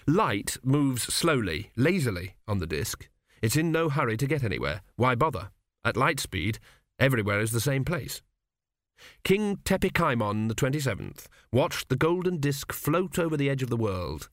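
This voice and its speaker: Guy reading a comic fantasy audiobook, mid pitch, dead dry studio. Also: sing-song, normal speed, no room sound. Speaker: audiobook narrator. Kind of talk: scripted audiobook narration.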